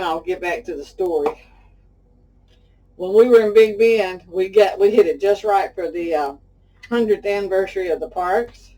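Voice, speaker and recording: With a mellow, warm, medium-pitched voice and a Texan Southern accent, a middle-aged woman from Pasadena, Texas, hosts a homey cooking demo. She's folksy and talkative, addresses viewers as "y'all," wanders into chatty stories, and sounds slightly distant from the microphone.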